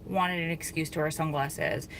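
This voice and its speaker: A woman's voice: low-pitched, fairly even intonation, normal speed, gravelly. A woman live-streaming from her parked car, chatting casually with viewers and greeting them by name, her throat a little scratchy. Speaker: vlogger hosting a live stream. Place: parked car in a parking lot.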